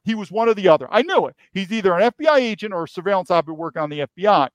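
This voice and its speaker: Man from New York, high voice, dry close sound, emphatic storytelling, repeats phrases. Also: very animated, fast, few pauses, dry recording. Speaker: podcast guest. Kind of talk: storytelling interview.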